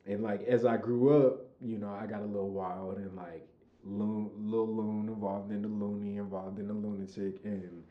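A man's voice: on the low side, flat delivery, moderate pace, reverberant, dull audio. A young man from Chicago, a recording artist talking casually as a podcast guest, loose and laid-back, swearing freely. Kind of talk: casual conversation.

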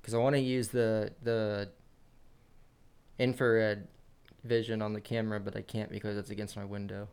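A man's voice: on the low side, level tone, normal speed, long pauses, darkish tone, clear, resonant tone. A man co-hosting a podcast, talking in an easygoing, joking way. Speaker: podcast co-host. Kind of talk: casual podcast chat.

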